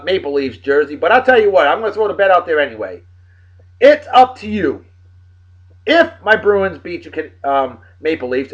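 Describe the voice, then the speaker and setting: Man, animated and rowdy vlog host, swinging pitch, dull low-fi audio. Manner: boisterous, swearing banter. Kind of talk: casual shout-outs to friends. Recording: dull lo-fi recording.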